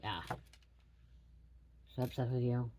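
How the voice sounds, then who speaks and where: A woman's voice: a bass voice, fairly even intonation, takes it slowly, background noise. Rambling woman tarot reader, blunt. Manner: rambling, keeps adding "okay?" to check in; blunt, swears casually. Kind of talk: casual spiritual reading to camera.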